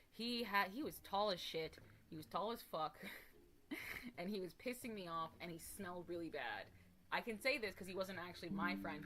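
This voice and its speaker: A woman's voice: on the low side, a bit bright. A woman streamer chatting casually to her viewers, rambling and emphatic, with casual swearing. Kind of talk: casual live stream chat.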